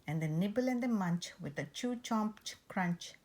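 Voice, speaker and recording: A woman reading a rhyming picture book aloud, rhythmic and expressive. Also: mid-range voice, moderate pace. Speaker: storyteller.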